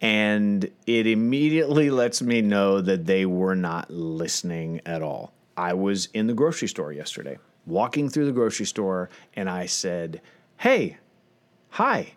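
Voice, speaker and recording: Male podcast co-host, lower voice, rambling conversational storyteller. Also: normal speed, hardly any pauses. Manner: rambling, restarts, acts out quoted people. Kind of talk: casual chat.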